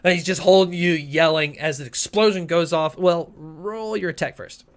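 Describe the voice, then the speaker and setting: A man narrating a tabletop game as game master, lively and often laughing. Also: on the high side, normal speed.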